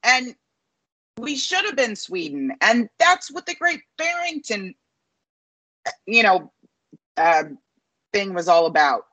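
A woman's voice: medium pitch, very animated, slow pace, pauses often, bright, forceful tone, dry recording, poor audio. A woman co-hosting a podcast in casual political chat, speaking in a confident, matter-of-fact way. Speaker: podcast co-host.

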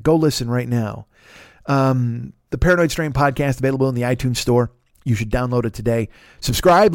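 A man hosting a podcast, doing a comedic ad read in a profane, rambling, animated riffing way. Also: medium pitch, dry recording, clean studio sound. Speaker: podcast host reading an ad.

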